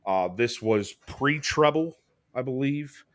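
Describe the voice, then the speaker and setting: An American man co-hosting a podcast, telling a story in casual chat with swearing and quick jumps in pitch when he quotes people. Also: lively intonation. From United States. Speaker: podcast co-host.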